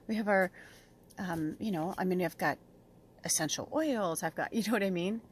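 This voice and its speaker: Woman giving a gentle card reading. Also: mid-range voice, slight background noise. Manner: gentle, affirming, rambling with fillers. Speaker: tarot and oracle card reader. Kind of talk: spiritual guidance reading.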